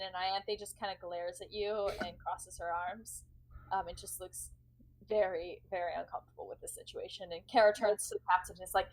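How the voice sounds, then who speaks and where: A woman's voice: lowish voice, fairly even intonation, brisk, low-quality recording. A woman narrating as game master, chatty and giggly, with many fillers.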